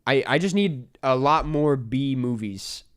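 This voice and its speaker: A man streaming a geography guessing game, talking to himself and his chat in an excitable, casual way. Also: mid-range voice, unhurried. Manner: excitable, talks to himself while guessing, swears. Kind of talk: casual live gameplay chat.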